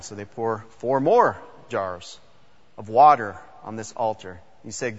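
A man's voice: lowish voice, animated, measured pace, breathy edge. Man retelling a Bible story in a hall. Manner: conversational, repeats words, uses fillers. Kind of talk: casual Bible storytelling sermon. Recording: dull sound with long hall reverb.

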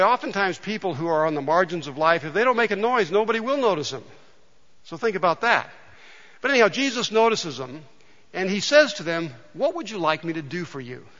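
A man's voice: a little high, sharp tone. Man preaching in a reverberant hall. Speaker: pastor. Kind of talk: sermon. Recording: dull sound with long hall reverb.

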